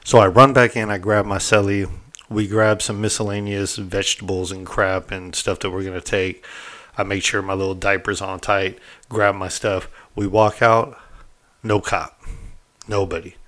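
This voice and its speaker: A middle-aged man casually recounting a prison story, candid and animated, often tossing in "right?" and mild swearing. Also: lowish voice, normal speed.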